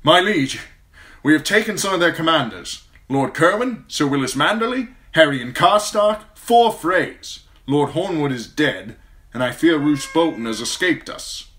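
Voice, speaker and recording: Man voicing an urgent knight, loud, high, pressing report, bright audiobook read. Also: animated, unhurried. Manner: loud, urgent, raised pitch. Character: urgent male knight messenger, breathless report. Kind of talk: audiobook character reading.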